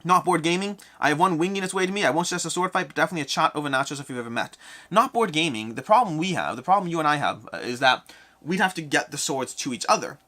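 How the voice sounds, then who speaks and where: A bright, quick-talking man hosting a live stream from a home studio. His pitch swings widely as he reads out chat questions and jokes back. The tone is casual and animated.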